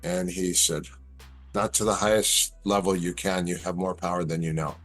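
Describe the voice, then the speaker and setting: Low-voiced man telling strange stories. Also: moderate pace, faint music behind. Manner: animated storyteller, acts out quoted lines. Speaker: guest. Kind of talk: casual storytelling chat.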